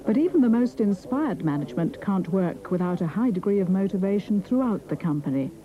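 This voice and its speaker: A woman reading a documentary narration in a measured, even way. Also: medium pitch, muffled recording. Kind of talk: scripted narration.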